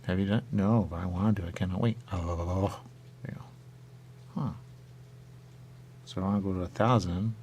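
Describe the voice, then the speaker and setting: A man's voice: sits low, normal speed, long pauses, darkish tone, slight background noise. A man hosting a radio show, rambling and musing aloud in casual chat.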